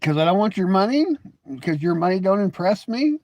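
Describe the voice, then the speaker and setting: A man's voice: high voice, lively intonation, a little fast, a little mellow, dry recording. A man hosting a casual live stream, answering viewers in chat with mocking, teasing remarks, often laughing and repeating words as he starts a thought.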